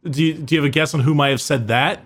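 A man's voice: fairly high pitch, steady tone, quick pace, fairly bright tone. A man with a sore throat chatting casually and quizzing his co-host. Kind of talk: casual chat.

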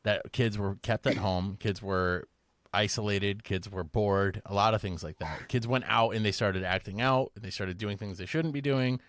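Low-voiced casual podcast host. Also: male voice, normal speed, a bit bright, dry recording, clean studio sound. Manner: rambling, restarts, lots of "like". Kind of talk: casual discussion.

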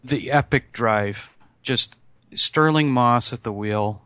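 A man answering interview questions as a podcast guest, pausing often with ums and restarts. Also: mid-range voice, bright, forceful tone, no room sound. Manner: hesitant, many ums and restarts. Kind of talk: casual interview.

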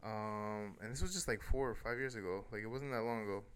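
A man guesting on a podcast, telling a story in a relaxed, rambling way. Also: fairly low pitch, a little fast. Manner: relaxed storytelling, lots of fillers. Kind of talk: casual podcast chat.

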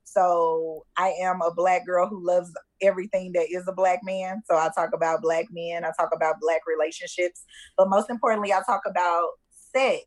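A woman's voice: on the low side, steady tone, normal speed. A woman from Dallas with a Southern accent, talking confidently and sassily as a podcast guest. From Dallas, Texas. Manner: confident, sassy. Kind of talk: casual podcast chat.

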